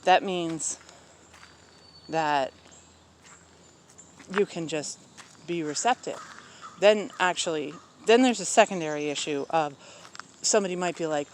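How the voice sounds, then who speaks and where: A man talking casually and candidly about his personal life, rambling with many pauses and blunt asides. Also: a little high. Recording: faint outdoor noise with crickets.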